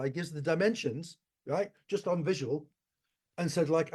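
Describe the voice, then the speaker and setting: A man in his sixties tells stories from his music career in an interview. He talks in an animated way, swears casually and acts out what other people said. His voice sits a little high for a man. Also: moderate pace, breathy edge. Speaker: musician guest. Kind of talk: anecdotal interview storytelling.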